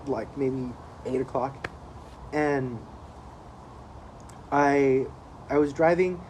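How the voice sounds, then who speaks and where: A man's voice: fairly high pitch, a little mellow, slight background noise, poor audio. A man, co-hosting a podcast, tells a rambling story in casual chat, swearing often and laughing as he goes. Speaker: podcast co-host.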